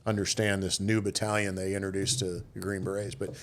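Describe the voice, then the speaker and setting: Casting: middle-aged man with a low voice, loose storytelling and lots of quoted dialogue. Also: level tone, fairly quick. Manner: rambling anecdotes with quoted voices. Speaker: guest, retired Marine officer. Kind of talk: casual storytelling interview.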